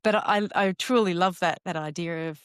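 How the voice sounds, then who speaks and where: Soft-spoken lower-voiced woman podcast host. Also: moderate pace, smooth, no room sound, studio quality. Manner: warm, effusive, frequent restarts. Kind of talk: casual interview chat.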